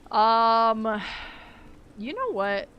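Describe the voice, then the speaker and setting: A woman's voice: a little high, very animated, extremely slow, clear, resonant tone, muffled recording. A woman chatting casually on a game live stream, rambling, laughing often and reacting aloud to the game. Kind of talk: casual live-stream chat while gaming.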